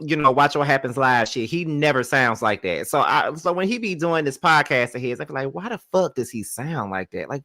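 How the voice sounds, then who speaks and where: Bright-voiced man ranting on his channel. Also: fairly high pitch, no echo. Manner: blunt, profane, animated ranting. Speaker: commentary channel host. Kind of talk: reaction commentary.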